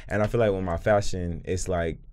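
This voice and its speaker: A young man in his twenties, a podcast guest talking in a laid-back, slow and hesitant way. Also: low voice, fairly even intonation, a little mellow, a little hiss or hum. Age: 20s. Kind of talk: casual chat.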